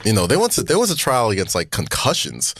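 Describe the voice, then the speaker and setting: A man co-hosting a comedy sports podcast, talking in animated bursts and laughing often. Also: lowish voice, fast talker, breathy edge, no echo, clean studio sound. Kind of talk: casual podcast banter.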